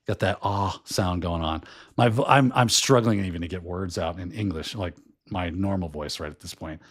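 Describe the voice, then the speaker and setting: A middle-aged man hosting a podcast in casual chat, hoarse and losing his voice, rambling and slipping into put-on accents. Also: on the low side, normal speed. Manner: chatty and rambling, often breaking into put-on accents. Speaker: podcast host.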